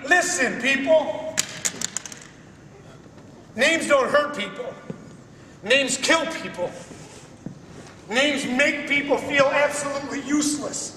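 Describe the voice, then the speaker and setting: A man with a very high, bright, forceful voice preaches to a room of schoolchildren. His delivery is emphatic and streetwise, full of questions to the crowd. He is heard from a distance in an echoey hall with a faint hiss behind. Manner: streetwise slang. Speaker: motivational speaker. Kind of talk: motivational talk to schoolchildren. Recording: echoey hall recorded from far off.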